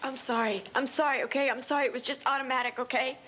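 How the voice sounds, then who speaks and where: An actress plays a guilty wife begging forgiveness in a daytime television drama. Her voice is high and hesitant as she keeps apologizing. Music plays under the broadcast audio. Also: fairly even intonation, fast, natural voice. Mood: pleading. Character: guilty pleading wife caught lying. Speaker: soap opera character, wife.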